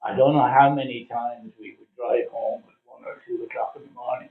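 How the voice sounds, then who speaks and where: An older man from Ireland, a former cricketer, reminiscing in a casual interview, telling his stories with plenty of "uh" pauses. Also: mid-range voice, steady tone. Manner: chatty storyteller with frequent "uh" pauses. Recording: distant, phone-like, roomy sound.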